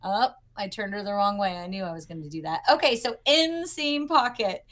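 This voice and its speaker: A woman's voice: mid-range voice, animated, moderate pace, a bit bright. Chatty woman teaching a sewing pattern. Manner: chatty, upbeat, teaching step by step. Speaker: pattern designer guest. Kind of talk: demonstrating a pattern on a livestream. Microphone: video call.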